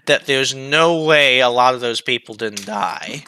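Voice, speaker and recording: A man's voice: mid-range voice, a little slow, sharp tone, clean tone, dry recording. A man in a casual anime discussion, recapping the plot in long, rambling runs.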